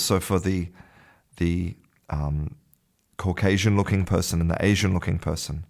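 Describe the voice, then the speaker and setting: Guy teaching english on his podcast, low voice, takes it slow, keeps restarting his words. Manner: explanatory, repeats words while finding his phrasing. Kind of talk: solo educational podcast talk.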